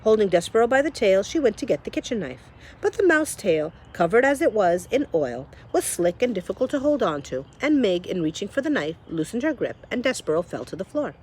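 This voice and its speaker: A woman reading a children's novel aloud in a lively storytelling manner, speaking to the listener. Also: medium pitch, a little fast, slight background noise. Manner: lively storytelling, addresses the reader. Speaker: reader.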